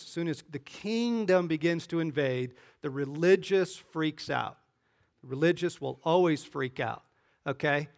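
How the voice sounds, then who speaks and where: Here a man preaches a sermon that feels like a conversation, punctuated by "right?" and "okay?" as he swells into animated outbursts. His pitch sits slightly high.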